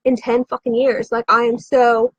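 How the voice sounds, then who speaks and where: A woman's voice: fairly high pitch, level tone, moderate pace, slightly rough, dry recording, dull audio. A woman who has been drinking, telling a rambling, profane story to a live audience in a frantic, confessional way.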